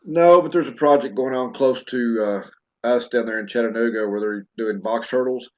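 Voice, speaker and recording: A man with a Southern US accent, a wildlife professor explaining field methods in a casual, unhurried way with many fillers. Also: mid-range voice, a little mellow, muffled recording. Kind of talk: casual educational discussion.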